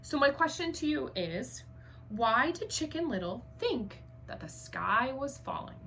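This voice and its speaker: A woman teaching an online first grade reading lesson, upbeat and encouraging, enunciating clearly. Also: sits high, sing-song, unhurried, bright, forceful tone, a little hiss or hum.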